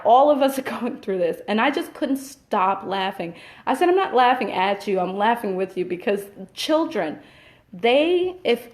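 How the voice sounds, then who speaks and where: A woman's voice: medium pitch, a little mellow. Brief: woman host, chatty storyteller, home live stream on a webcam. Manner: chatty storyteller, many fillers. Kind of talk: casual chat. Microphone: webcam or phone, live stream.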